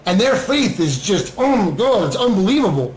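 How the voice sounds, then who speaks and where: A man's voice: sits high, sing-song, moderate pace, echoey room, low-quality recording. A man and recovering addict sharing his story in an earnest livestream monologue, often asking "right?". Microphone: webcam or phone on a screen.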